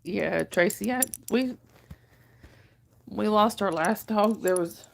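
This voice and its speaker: A woman's voice: mid-range voice, slow pace, creaky, slight background noise. A middle-aged woman hosting a casual livestream, chatting with viewers, reading their comments aloud and cooing at her dog.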